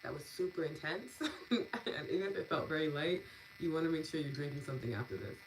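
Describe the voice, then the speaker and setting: Low voiced lady thanking her stream chat, bubbly and giggly, bit of hiss behind her. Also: animated, brisk. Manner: warm, gushing, laughs often, lots of fillers. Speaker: EFT and meditation host. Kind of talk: live-stream wrap-up, reading chat comments.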